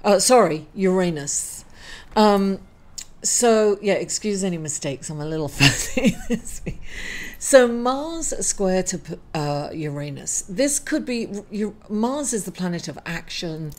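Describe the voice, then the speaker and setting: A woman's voice: mid-range voice, expressive, measured pace, a little mellow. A woman hosting her weekly astrology reading, emotional and grieving, hesitant, with many fillers and apologies. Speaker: astrology reader and channel host.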